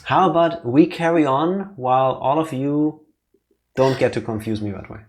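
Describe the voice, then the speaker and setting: Man co-host, chatty and jokey, mid-pitched, full of questions. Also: moderate pace, darkish tone. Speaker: co-host of a let's play. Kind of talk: casual chat.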